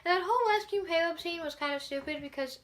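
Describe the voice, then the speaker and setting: A woman with a high-set voice rants through a movie review, sarcastic and exasperated. She swears freely and talks casually. Her tone is bright and sharp. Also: fast talker.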